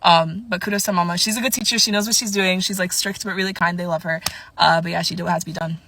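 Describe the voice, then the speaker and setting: A young woman casually telling a story to camera in a chatty, animated way. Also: lowish voice, fast talker, a little hiss or hum.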